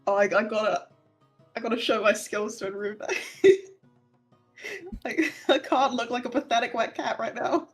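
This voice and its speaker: A woman's voice: a little high, moderate pace, pauses often, slightly rough, soft background music. A young woman playing in a tabletop game, eager and giggly. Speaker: player. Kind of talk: tabletop role-play chat.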